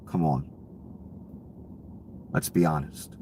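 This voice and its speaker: A man's voice: extremely low pitch, fairly even intonation, slow, warm tone, slight background noise. A man ranting about politics, heated and sarcastic, with frequent profanity. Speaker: political commentator. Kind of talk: angry political rant.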